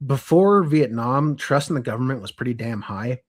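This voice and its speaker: Young guy podcast cohost, reading off his notes all casual, lots of restarts, mid pitch voice. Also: normal speed. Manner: animated, restarts and self-corrections. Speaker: podcast co-host.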